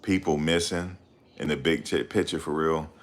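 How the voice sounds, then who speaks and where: A middle-aged man hosting his channel, talking in a loud, confrontational, profane rant. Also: rumbling low, fairly even intonation, normal speed. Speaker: channel host. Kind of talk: ranting livestream commentary.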